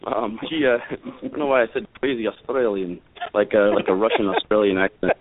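A man's voice: fairly low pitch, fairly quick, slight background noise. A man in his thirties, a guest wrestler on a radio show, talking casually and rambling with many fillers and restarts. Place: after party. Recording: phone-like radio audio.

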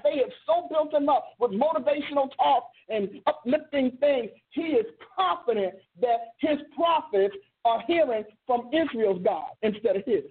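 A woman who hosts a ministry show, teaching a sermon with emphatic storytelling and drawn-out stresses, in a husky voice. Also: high-pitched. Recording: tinny phone-line sound.

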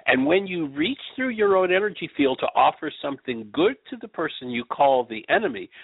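A man teaching about love and healing in a measured, earnest way, telling a story to make his point. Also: mid-range voice, gravelly, husky, no room sound. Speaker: radio show host and healing teacher. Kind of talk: spoken teaching with a told story. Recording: tinny phone-like line.

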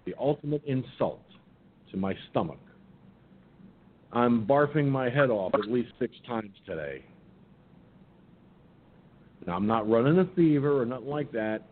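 An older man talks his way loosely through a story, circling back, restarting sentences and dropping the odd curse. The sound is narrow and tinny, like a phone call, and a faint rumble hums underneath. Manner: rambling, many restarts, swears casually. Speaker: radio show host. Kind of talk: casual rambling monologue. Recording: muffled phone-line audio with faint rumble.

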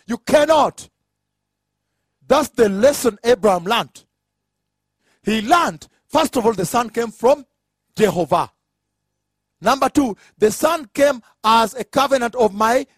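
A man's voice: high-pitched, expressive, a little slow, pauses often, slightly rough, dry recording. A man preaching a sermon, emphatic, with rhetorical questions and acted-out dialogue.

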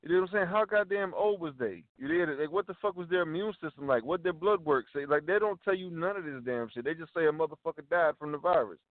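A man's voice: on the high side, fast, hardly any pauses, no echo. A man on a talk radio show rants in a heated, profane way, circling back over his points and peppering them with slang tags. His voice is dry and close, squeezed through narrow phone-like audio. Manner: profane, repeats himself, tags lines with "you dig", "bro", "dog".

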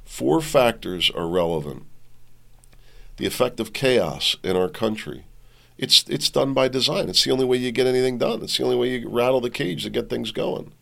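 A man's voice: medium pitch, lively intonation, normal speed, vocal fry, a bit bright. A man hosting a commentary show, reading an article aloud and riffing on it in a rambling way. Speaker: podcast host. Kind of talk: political commentary monologue.

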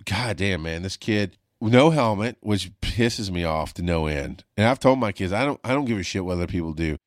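Middle-aged male paramedic host, low-voiced, swears freely, animated storyteller. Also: moderate pace, no echo, clean studio sound. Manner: animated, profane, voice jumps high when reenacting panic. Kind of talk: casual storytelling monologue.

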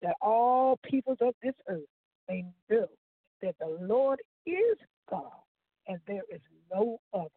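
A woman's voice: on the high side, big pitch swings, no echo. Woman praying fervently over a tinny phone line. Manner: fervent preacher's cadence, drawn-out phrases. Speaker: gospel radio show host. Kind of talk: spoken prayer on air. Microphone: phone call-in.

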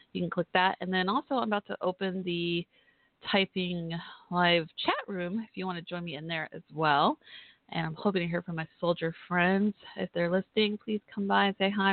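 A woman's voice: on the low side, gravelly, dry recording. A chatty, friendly woman from Texas with a Southern accent, hosting a casual call-in talk show and laughing often. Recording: tinny phone-line sound.

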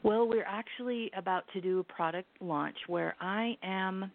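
A middle-aged woman who founded a lifestyle brand speaks as an interview guest in casual chat, earnest and reflective, with hesitant restarts. Her voice is low and gravelly, heard over a tinny phone line.

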